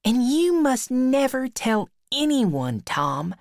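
A woman voicing a shy, coy young girl in a storybook reading, with a high, light voice. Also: very animated, slow, no room sound, studio quality, heavily acted.

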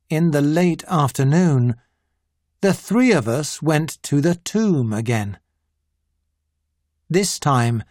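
An audiobook narrator reading a simplified classic story in a clear, deliberate way. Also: mid-range voice, a little mellow, no echo, clean studio sound.

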